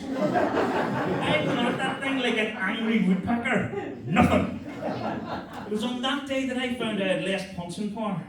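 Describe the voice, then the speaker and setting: On a comedy club stage, a middle-aged Northern Irish man performs vulgar stand-up that mocks himself, speaking in a high-pitched voice with his native accent. He's recorded from a distance in an echoey room, with the crowd laughing.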